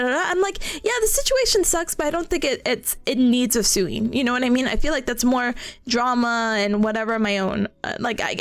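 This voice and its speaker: A young woman streaming and chatting casually with her viewers, animated and quick to laugh at herself. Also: a little high. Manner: animated, laughs often, self-mocking. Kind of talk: casual chat with live chat.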